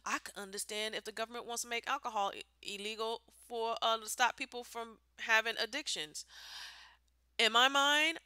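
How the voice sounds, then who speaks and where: A woman's voice: a little high, bright, forceful tone, clear, resonant tone, no room sound. A woman ranting bluntly into the camera on her vlog, exasperated and swearing freely. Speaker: vlogger.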